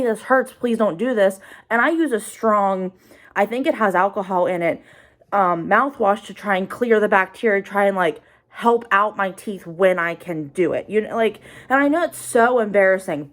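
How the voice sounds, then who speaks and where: A woman in her twenties vlogging in a casual confessional way, rambling anxiously with many fillers. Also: mid-range voice. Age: 20s.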